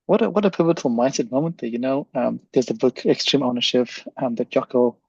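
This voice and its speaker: A man's voice: mid-range voice, fairly quick, darkish tone, slightly rough, no echo, muffled recording. A man hosting an interview podcast as a leadership coach, talking in an affirming, reflective way with frequent restarts. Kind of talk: conversational interview.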